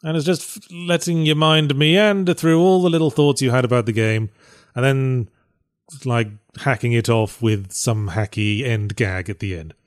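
A man's voice: medium pitch, normal speed. A man, hosting a casual chat about reviewing games in a dry, wry, matter-of-fact way. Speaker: podcast host and game reviewer.

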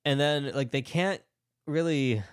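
A man co-hosting a casual podcast recap, animated and sarcastic, swearing and laughing often. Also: fairly high pitch, measured pace, clear, resonant tone, no echo, studio quality. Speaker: podcast co-host recapping a movie. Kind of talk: casual chat.

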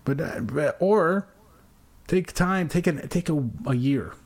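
A man's voice: a little high, slow pace. A man co-hosting a podcast, riffing with crude jokes and rambling comic advice. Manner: rambling, acts out dialogue in sudden voices. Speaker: podcast co-host. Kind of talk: profane comedic banter.

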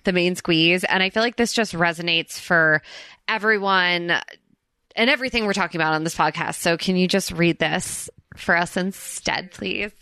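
A woman's voice: lowish voice, sharp tone, clear, resonant tone, dry recording. A young woman hosting a podcast, chatting casually and upbeat, laughing often. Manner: giggly, upbeat, quick asides. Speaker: podcast host.

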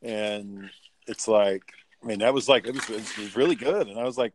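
A man's voice: fairly low pitch, normal speed, slight background noise. A man talking in a laid-back casual chat, swearing freely and trailing off into fillers.

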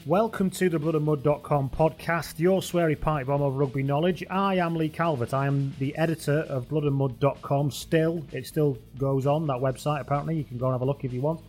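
A man with a fairly high voice hosts a casual podcast. He is jokey and rambles along, reading out listener notes in the same loose way he chats. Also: brisk, hardly any pauses, darkish tone, faint music behind. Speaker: podcast host.

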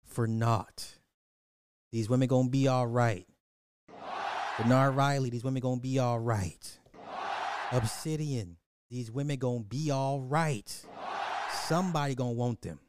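Slow, theatrical man hosting a podcast. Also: medium pitch, noisy background. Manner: slow, drawn-out, repetitive and theatrical. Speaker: podcast host. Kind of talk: social commentary podcast.

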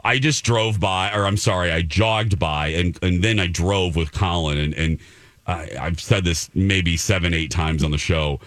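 A man's voice: low-pitched, moderate pace, no echo. A man hosting a podcast, telling a dramatic story in a casual chat and acting out the quotes. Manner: animated, dramatic, acts out quotes. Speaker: podcast host.

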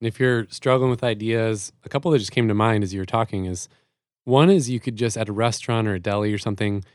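A man with a fairly low voice chats on a podcast, affirming and upbeat and quick to laugh. The sound is dry and close-miked. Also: no echo. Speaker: podcast co-host. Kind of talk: casual podcast chat.

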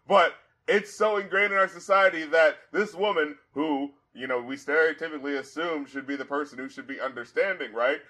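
A man hosting a casual album review podcast, animated and profane, quoting lyrics aloud and laughing often. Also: high voice, normal speed.

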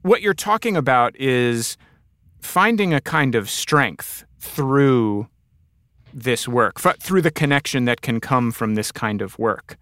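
Male host, thoughtful interviewer, smooth tone, dry close mic. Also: medium pitch, animated, slow pace, fairly bright tone, no echo. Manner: thoughtful, retells guest's stories. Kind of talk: casual interview.

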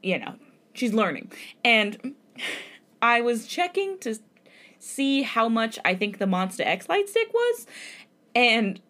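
Young woman, podcast co-host, fairly high voice, casual, gushing, laughs a lot. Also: sing-song, slow pace, long pauses, a bit bright. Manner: gushing, laughs often, gets tearful. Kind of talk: casual chat.

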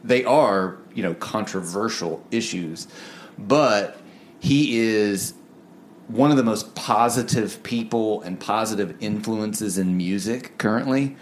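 This co-host of a music review podcast has a voice on the low side and takes his time, with slight background noise behind him. He talks earnestly and casually about music, wandering a bit and leaning on lots of fillers.

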